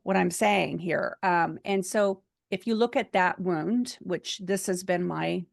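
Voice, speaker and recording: A woman's voice: lowish voice, gravelly, no echo, clean studio sound. A woman giving a seminar talk, earnestly telling a personal story in a chatty way with many fillers. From United States. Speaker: seminar speaker.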